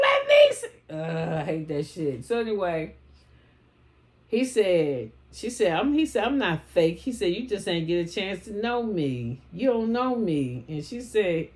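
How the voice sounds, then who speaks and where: A woman with a lowish voice recaps a show in loose, casual chat. She is blunt and swears freely, dropping into the voices of the people she quotes without stopping the story. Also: a little mellow. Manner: blunt, profane, slangy storytelling; acts out quoted lines in passing.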